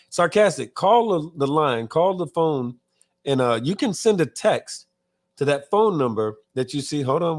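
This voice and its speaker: Loose-talking man hosting a live biker show. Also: a little high. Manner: loose, reads viewer comments aloud, profane. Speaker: podcast co-host. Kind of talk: casual live-stream chat.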